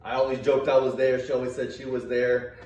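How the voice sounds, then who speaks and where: A man co-hosting a casual family vlog, easygoing and chuckling, with halting fillers. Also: mid-range voice, level tone, a little mellow, a little hiss or hum. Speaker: vlog co-host. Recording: echoey room, mic far off.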